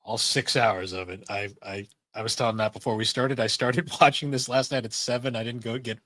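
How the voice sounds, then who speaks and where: A man's voice: mid-range voice, steady tone, fairly quick, bright, forceful tone, no room sound. A man co-hosting a podcast in casual chat, rambling with many fillers and frequent laughs. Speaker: podcast co-host.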